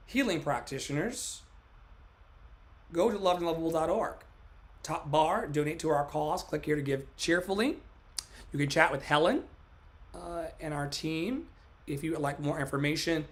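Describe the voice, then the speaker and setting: A man hosting a motivational livestream, reciting a poem dramatically and joking with viewers between readings. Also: fairly high pitch. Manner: dramatic, emphatic poetry recitation mixed with joking asides. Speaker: life coach and livestream host.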